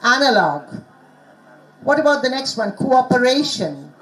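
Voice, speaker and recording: A woman's voice: high voice, sing-song, a bit bright, poor audio. Woman drilling word stress. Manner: coaxing, drills audience with quick prompts. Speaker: conference speaker teaching pronunciation. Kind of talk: interactive pronunciation lesson. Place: conference hall.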